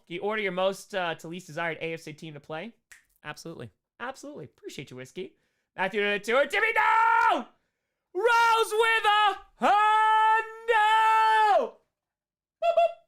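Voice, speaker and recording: During a laid-back livestream Q&A, a high-pitched male host gets excited and playful, yelling donors' names and thanking them with little noises.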